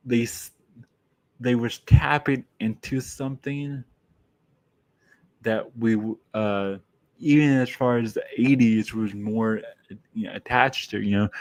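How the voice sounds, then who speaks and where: A man giving a casual film review monologue, rambling and often restarting his sentences. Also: medium pitch.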